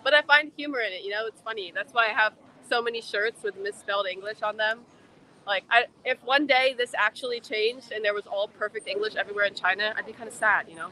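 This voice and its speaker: Chatty young American woman, bright voice. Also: mid-range voice, fast, slight background noise, rough recording. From Northern Virginia, USA. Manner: chatty, laughs often, reads viewer comments aloud. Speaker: livestream co-host. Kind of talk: casual livestream chat. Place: city street outdoors. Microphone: phone camera on a livestream.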